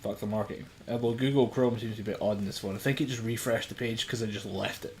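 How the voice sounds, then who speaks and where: A man's voice: fairly low pitch, fairly even intonation, quick pace, a little mellow, a little hiss or hum, poor audio. Dry-humored young man. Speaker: podcast co-host. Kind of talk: casual podcast chat.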